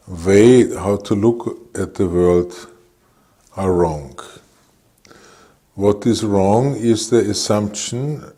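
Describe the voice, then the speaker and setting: A man answering interview questions about physics in a halting, careful way, with frequent pauses and fillers. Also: fairly low pitch, warm tone.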